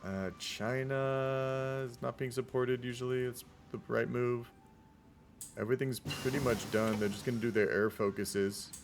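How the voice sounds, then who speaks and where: A man's voice: medium pitch, fairly even intonation, unhurried, faint music behind. Chatty man casting a strategy game. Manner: chatty, rambling, says "y'all". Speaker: game caster. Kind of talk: casual multiplayer game commentary.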